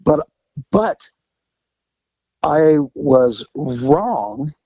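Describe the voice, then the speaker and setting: A man's voice: drawn-out words, dry recording, low-quality recording. A man co-hosting a podcast, telling a family story in casual chat and acting out the people in it. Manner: animated storyteller, acts out quotes in high voices. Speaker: podcast co-host.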